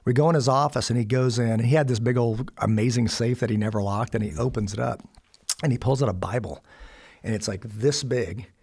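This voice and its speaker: A man from the United States telling a personal story in a conversation, animated and acting out the voices of others. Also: medium pitch, a little fast, husky. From Kansas City, USA. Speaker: podcast guest.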